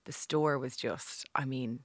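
A woman's voice: a bass voice, measured pace, no echo, studio quality. A young woman with an Irish accent, a guest on a radio show, talking in a bubbly, easygoing way. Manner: bubbly and laughing easily. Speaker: guest, business owner. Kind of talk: casual radio interview.

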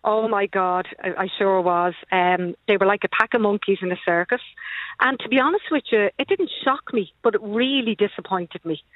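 An Irish woman calling in to a radio show, speaking earnestly in a steady, disappointed way. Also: mid-range voice, no room sound. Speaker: caller. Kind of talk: casual phone-in chat. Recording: tinny phone line.

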